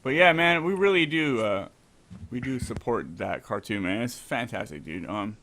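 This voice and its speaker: A man's voice: mid-range voice, lively intonation, moderate pace, a bit bright, a little hiss or hum. Laid-back man hosting a podcast. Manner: laid-back and enthusiastic, full of "man" and "dude". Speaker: podcast host. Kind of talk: casual podcast chat.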